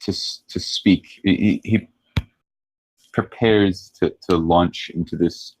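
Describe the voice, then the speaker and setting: A man narrating as game master of a tabletop game, halting and full of fillers and restarts as he describes the scene. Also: sits low, fairly even intonation, a little hiss or hum, rough recording.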